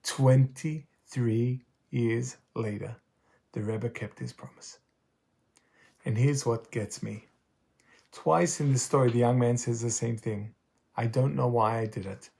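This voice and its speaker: Male storyteller, earnest and intimate, husky mid-pitched voice. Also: warm tone. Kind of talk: reflective story narration.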